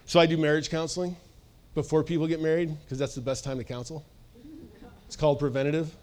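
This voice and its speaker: A man preaching a sermon at a church service, casual and animated, acting out voices and laughing often. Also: a little high, fast. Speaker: pastor.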